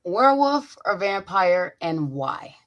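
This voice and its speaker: Young woman host, brash and lively, cursing through casual stories on a video call. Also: on the low side, slow. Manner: animated, profane storytelling. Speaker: podcast host. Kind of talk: casual chat.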